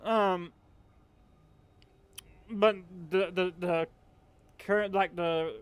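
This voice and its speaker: A young man from Appalachian Kentucky, US, drawls in a Southern accent while streaming a game, rambling with plenty of fillers. His voice is high-pitched and steady in tone, extremely slow, and clean.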